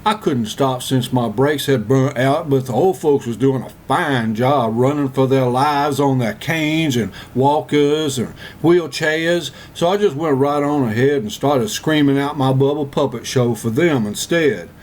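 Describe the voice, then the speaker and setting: A man voicing Forrest Gump, a gentle, slow-witted Southern man, in a comedic first-person monologue with a slow, earnest, rambling drawl and a Southern US accent. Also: mid-range voice, slight background noise, close to an everyday voice.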